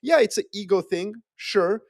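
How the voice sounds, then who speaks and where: Animated man telling a story. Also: sits high, normal speed, creaky, no room sound, studio quality. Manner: animated storytelling, playful asides. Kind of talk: casual geopolitical discussion.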